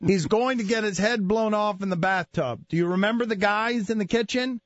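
A man hosting a comedic sports talk show, animated and excitable. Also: high voice, a little fast, dry recording, lo-fi sound. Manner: animated, excitable, mock-shouting. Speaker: sports radio host.

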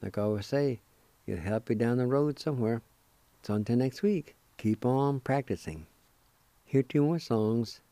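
A man hosting a radio language lesson, spelling out letters one at a time and repeating each word slowly and deliberately. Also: medium pitch, mellow, no room sound. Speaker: radio language teacher and host.

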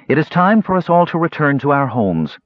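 A man's voice: fairly high pitch, very animated, brisk, no echo, highs cut off, voice pushed up. A man voicing a solemn, grieving woman counselor who speaks tersely and formally in a storybook reading.

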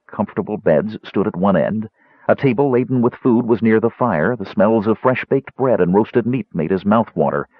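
Husky, low-voiced male audiobook narrator. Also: no room sound. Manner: expressive, measured storytelling. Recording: dry, slightly dull audio.

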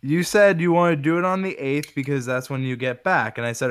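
Male podcast guest, relaxed storyteller, a bit high-pitched, dry close sound. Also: a little fast, hardly any pauses, clean tone, dry recording. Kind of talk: casual podcast chat.

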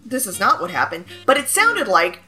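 A woman in casual chat, animated and sarcastic, often laughing. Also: a little high, moderate pace, soft background music.

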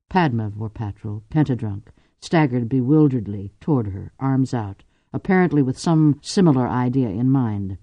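A man narrating a novel in a measured, dramatic audiobook reading. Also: medium pitch, dry recording, muffled recording. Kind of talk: scripted narration.

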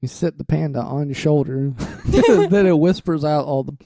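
A woman's voice: low voice, normal speed, gravelly, warm tone, dry recording, clean studio sound. A woman co-hosting a podcast in loose, joking chat, teasing her partner and laughing often. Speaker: podcast co-host. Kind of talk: silly casual chat.

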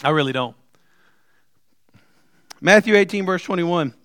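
A middle-aged man preaching a sermon, telling stories with humor and building to loud, emphatic points. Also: sits high, unhurried, no echo, studio quality. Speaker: pastor.

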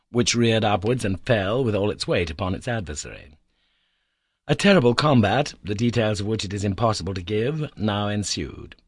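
A man's voice: on the low side, husky, no room sound, clean studio sound. A man reading a classic adventure novel aloud as first-person narration, telling it with dramatic emphasis. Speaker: audiobook reader.

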